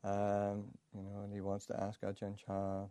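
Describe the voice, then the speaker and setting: A man, a Buddhist monk, telling a story in a dharma talk, halting with many pauses and fillers and chuckling along the way. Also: on the low side, completely flat delivery, warm tone, no echo.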